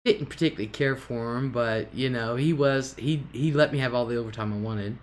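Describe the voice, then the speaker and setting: A woman's voice: extremely low pitch, brisk. A woman hosting a live stream, telling a rambling story in casual chat and chuckling along the way. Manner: rambling, chuckling anecdote-teller.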